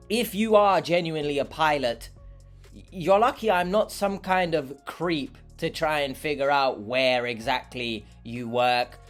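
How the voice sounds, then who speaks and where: A young man, a vlogger, chatting casually and sarcastically while eating, rambling and talking with his mouth full. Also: on the high side.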